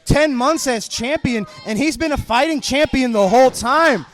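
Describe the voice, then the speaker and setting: Man, wrestling play-by-play announcer, very high-pitched, excited shouting calls. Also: normal speed. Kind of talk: live wrestling commentary.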